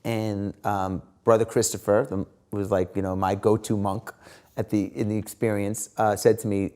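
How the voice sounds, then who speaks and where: A man's voice: fairly low pitch, normal speed, clean tone. A middle-aged man, an interview guest, telling stories casually with many fillers and acted-out quotes. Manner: animated, lots of fillers and quoted dialogue. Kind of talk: casual storytelling.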